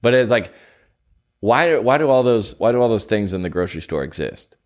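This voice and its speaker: A man's voice: fairly low pitch, animated, brisk. A young man hosting a podcast, telling rambling stories in casual chat with lots of fillers and mock voices. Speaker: podcast host.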